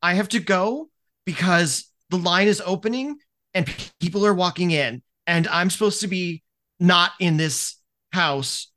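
A man's voice: high-pitched, measured pace, sharp tone, pitched above the performer's own voice. A man voicing a meek, nervous young male fraternity vice president who stammers and apologizes, in a tabletop game. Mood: hurried.

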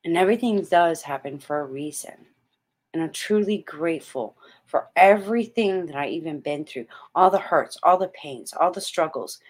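A woman's voice: low-pitched, lively intonation, normal speed, husky. A middle-aged woman hosting a motivational vlog, speaking emphatically and repeating her points like a pep talk. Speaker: motivational host.

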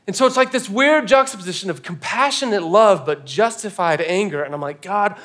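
Male pastor, 30s, high-ish voice, animated sermon storyteller. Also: fairly quick. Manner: animated storytelling, acting out scenes, swinging from soft to loud. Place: church stage.

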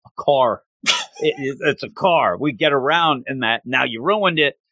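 A man's voice: medium pitch, animated, measured pace, pushed and bright, no echo, full character voice. Give me a sassy, exasperated teenage girl, as a man puts her on.

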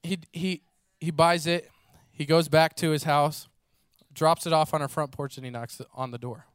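A man preaching a sermon, telling stories in a lively way and acting out the people in them. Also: on the high side, normal speed, clean tone, dry recording. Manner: animated storytelling, acts out voices, casual fillers.

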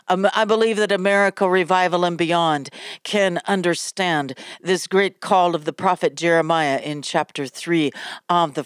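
Slow, smooth-voiced woman preaching. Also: on the low side, dry recording, clean studio sound. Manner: halting, repeats words, fervent exclamations. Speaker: ministry host and preacher. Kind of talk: devotional sermon.

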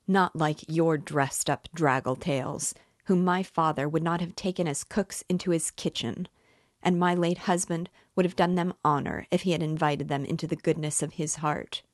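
Brief: a proud, impoverished widow who speaks sharply and with wounded dignity, as a woman reading the book aloud voices her. Her voice is low, and the sound is dry and close. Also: fairly even intonation, moderate pace, no room sound, close to an everyday voice. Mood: indignant. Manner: haughty and indignant, raising her voice.

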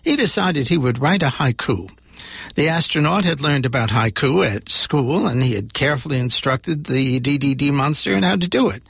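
A man's voice: mid-range voice, lively intonation, moderate pace, vocal fry, a bit bright, breathy edge, dry recording, clean studio sound. A man hosting a radio show, reading a children's story aloud with voiced characters. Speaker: radio host.

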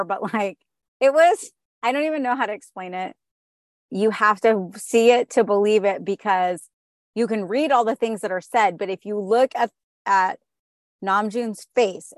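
A woman co-hosting a casual podcast chat, animated, often laughing and acting out quoted dialogue. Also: medium pitch, dry recording. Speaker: podcast co-host.

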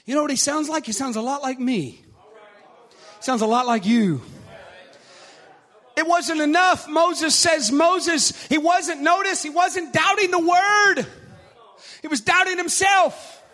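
High, bright-voiced male preacher. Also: unhurried, long pauses. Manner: repetitive, rhythmic preaching that rises to shouts. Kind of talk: sermon.

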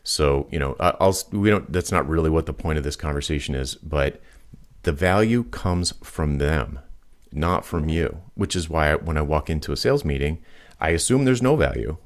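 Man, extremely deep voice, podcast host, confident, explains with acted examples. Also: expressive, moderate pace. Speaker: podcast host, pricing consultant. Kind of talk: casual advice talk.

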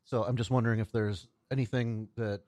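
A man's voice: medium pitch, fairly even intonation, fairly quick, warm tone, no echo. Joking easygoing male podcast host. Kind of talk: casual interview chat.

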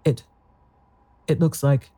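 Reader voicing a scared, stammering sister in a ghost story, dark dry voice. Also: slow, dry recording, close to an everyday voice. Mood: horrified. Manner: stammering, horror-stricken. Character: frightened middle-aged woman, Mrs Brigham.

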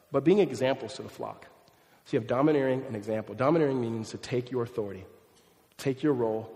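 A male pastor around thirty with a medium-pitched voice preaches a conversational, animated sermon, mixing in humorous family stories. The sound has a long reverb tail.

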